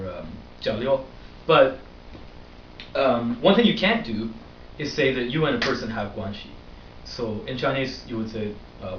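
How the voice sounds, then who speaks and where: A man's voice: medium pitch, slight background noise. A young man hosting a vlog, telling a story in a casual, rambling way with lots of fillers. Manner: rambling, animated, with many fillers. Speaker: vlog host. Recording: dull roomy recording from a distance.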